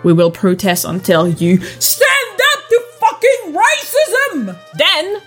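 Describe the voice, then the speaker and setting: High, lively woman reading fan fiction. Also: slow, faint music behind. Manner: swears freely, laughs often. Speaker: podcast host reading fan fiction aloud. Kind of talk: comedic dramatic reading.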